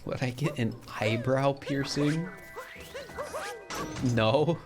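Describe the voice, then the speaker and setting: A man's voice: mid-range voice, slow. A man streaming a game, chatting casually and joking about his own slips. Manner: chatty, self-mocking, laughs often. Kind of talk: casual gameplay commentary. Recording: faint music behind. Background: faint game music.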